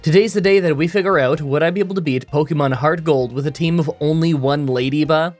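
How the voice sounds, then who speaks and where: A man's voice: fairly high pitch, fast, a little mellow, soft background music. Stuffy-nosed man with groggy morning voice. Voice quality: nasal, stuffy. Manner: dry self-mocking humor. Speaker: gaming YouTuber. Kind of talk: scripted voice-over commentary. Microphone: recording booth.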